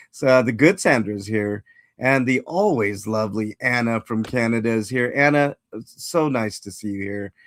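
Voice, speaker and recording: A man's voice: mid-range voice, moderate pace, fairly bright tone, dry recording, clean studio sound. A man hosting a casual livestream, rambling and greeting chat viewers by name. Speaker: livestream host.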